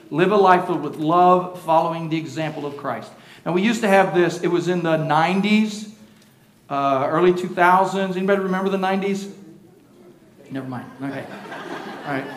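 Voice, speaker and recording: An older male pastor delivers a sermon with a high, bright, forceful voice. He calls on the congregation to answer back and climbs into shouted exhortations. The sound rings around an echoey church hall. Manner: preaching with call-and-response, rising to shouts. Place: church sanctuary.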